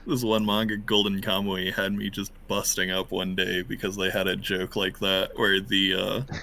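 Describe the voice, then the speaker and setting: A man's voice: deep voice, moderate pace, creaky. A man in casual chat at a tabletop game, telling an anecdote animatedly and acting out the quotes. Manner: animated storyteller who acts out quoted lines. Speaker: player.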